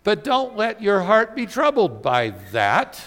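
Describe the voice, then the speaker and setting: Male pastor, sermon delivery, emphatic and questioning, very expressive pitch. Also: slow, long reverb tail. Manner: animated, emphatic preaching with rhetorical questions.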